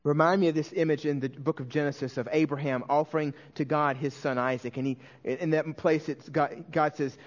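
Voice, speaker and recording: Male pastor, earnest emotional sermon delivery, raised pitch, dull lo-fi recording. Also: steady tone, fairly quick, hardly any pauses. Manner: earnest, emotional storytelling with many restarts and quiet dips.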